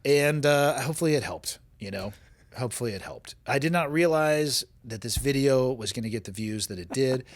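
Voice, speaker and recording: A man's voice: mid-range voice, animated, a little fast, dry recording. A man in his forties hosting a podcast, talking bluntly and wryly with plenty of profanity in casual chat. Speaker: podcast host.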